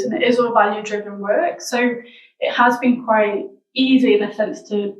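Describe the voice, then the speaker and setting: A woman's voice: mid-range voice, highs cut off. A woman being interviewed about her wellbeing social enterprise, talking reflectively and searching for her words. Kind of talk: casual interview chat. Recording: roomy sound, mic at a distance.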